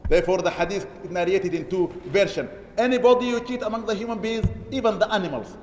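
Fast, high-voiced man preaching in an echoey mosque. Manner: exhorting, with emphatic repetition; chants Arabic scripture quotes quickly. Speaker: imam preaching. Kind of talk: Eid sermon. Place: mosque prayer hall. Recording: echoey hall with long reverb.

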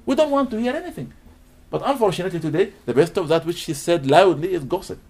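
A preacher with a high-pitched voice talks fast through an animated sermon. He recites Quranic verses in Arabic, explains them in English, and acts out little dialogues along the way.

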